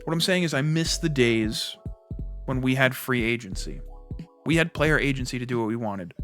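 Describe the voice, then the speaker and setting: A man ranting in a casual gaming commentary, animated and acting out quick bits of dialogue. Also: medium pitch. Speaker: gaming YouTuber.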